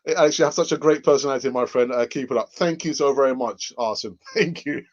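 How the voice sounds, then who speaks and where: Talking fast in a mid-range voice, this host of a live fan channel keeps things casual. He cracks jokes, laughs frequently, and reads out comments from viewers, all through a dull, lo-fi microphone.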